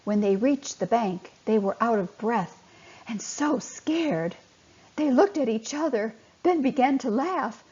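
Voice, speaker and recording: A woman softly and expressively reading a bedtime story to children. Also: a little high, lively intonation, unhurried, slightly rough. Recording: dull lo-fi recording.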